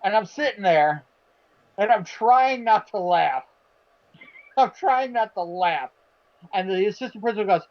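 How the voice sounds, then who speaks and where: A man telling a long anecdote in casual podcast chat, animated, acting out the people he quotes and swearing freely. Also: high voice, unhurried, pauses often. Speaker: podcast co-host. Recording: dull lo-fi stream audio.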